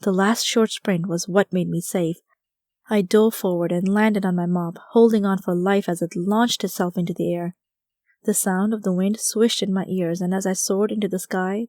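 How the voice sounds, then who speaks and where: Woman, audiobook narrator, first-person story, wry conversational delivery, mellow tone, dry close recording. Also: mid-range voice, steady tone, normal speed, no echo.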